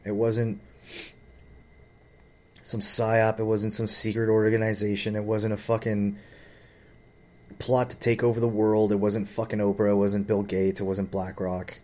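A man's voice: lowish voice, monotone, unhurried, pauses often. A man telling a rambling, profane story about his father and his boss, full of fillers and agitation. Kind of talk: rambling personal rant.

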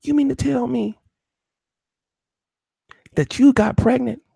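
A man voicing a brash, nosy young man who fires off rude, pushy questions in a high voice. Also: fairly even intonation, slow, creaky, dark tone, slightly rough, dry recording, studio quality, exaggerated voice.

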